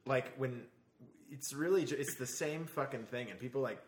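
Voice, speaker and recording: A man's voice: mid-range voice, normal speed. A man co-hosting a podcast in casual chat, joking and rambling with lots of fillers. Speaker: podcast co-host. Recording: roomy echo.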